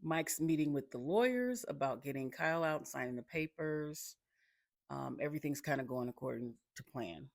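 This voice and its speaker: A TV recapper talks through an episode in a loose, rambling way, often doubling back to correct details and tossing asides to the listener. The voice sits at an ordinary middle pitch, and the recording is dry and close, with no room sound. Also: normal speed, gravelly, no echo. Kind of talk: casual spoken recap.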